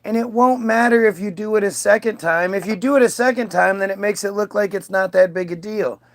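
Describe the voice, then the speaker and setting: A man's voice: high-pitched, brisk. A man chatting casually with an AI, insistent and coaxing. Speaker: streamer talking to an AI. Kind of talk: casual chat.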